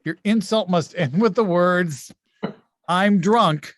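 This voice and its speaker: Man, comedy game host, high voice, dry close sound, brisk joking delivery. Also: no echo. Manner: brisk, joking, laughs often. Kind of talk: live-streamed comedy game hosting.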